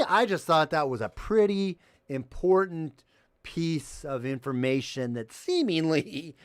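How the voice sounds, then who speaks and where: A man's voice: on the high side, no echo, clean studio sound. A man hosting a call-in livestream, ranting heatedly with profanity and reading viewer chat aloud.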